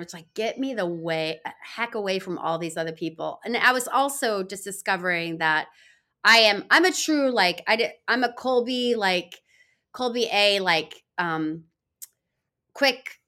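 Middle-aged woman, podcast guest; bright, lively delivery, chatty with many "like"s and acted-out quotes. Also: mid-range voice. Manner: chatty, lots of fillers and quoted asides. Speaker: podcast guest, law firm founder. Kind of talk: casual interview chat.

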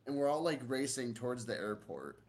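A man's voice: medium pitch, very animated, brisk, noisy background. A young man in casual podcast chat, eagerly telling a story from when he was a kid. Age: young adult. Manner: eager storyteller recalling a childhood memory.

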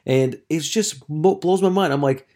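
A man's voice: fairly high pitch, moderate pace, a little mellow. A young man hosting a casual solo podcast as a coach, telling stories in a rambling, profane way with lots of filler words.

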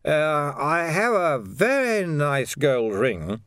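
A man's voice: fairly high pitch, very animated, a bit bright, no room sound, studio quality, pitched above the performer's own voice, exaggerated voice. Man doing a tipsy fearful prisoner. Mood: nervous. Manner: hesitant, halting, slow. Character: tipsy frightened male prisoner.

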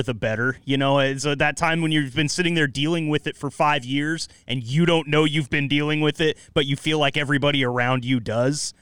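A man's voice: a little high, a bit bright, clear, resonant tone, no room sound. A man hosting a podcast interview, chatting casually with enthusiastic, relatable asides. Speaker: podcast host.

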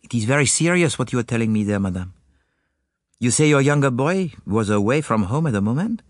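A man voicing a fastidious, methodical detective who speaks precisely and formally in an audiobook. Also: mid-range voice, lively intonation, no room sound, studio quality, voice pushed up, close to an everyday voice. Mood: probing.

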